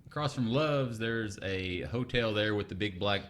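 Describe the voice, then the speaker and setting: A man's voice: lowish voice, measured pace, fairly bright tone. A young man, co-hosting a podcast and telling a story in casual chat, acting out the voices he quotes. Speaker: podcast co-host.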